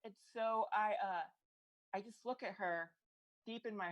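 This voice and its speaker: A woman working through a loose comic story in stand-up style, her sentences doubling back and restarting as she goes. She talks at a middle pitch, chuckling between her lines. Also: a little slow, poor audio. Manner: rambling, self-interrupting, laughs through lines. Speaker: comedian.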